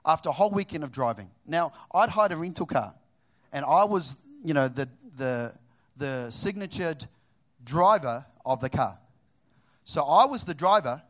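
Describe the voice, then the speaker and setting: Speaking in a slightly high voice, a middle-aged preacher from New Zealand recounts a personal story. He delivers it with animation, playing both parties in the conversation himself.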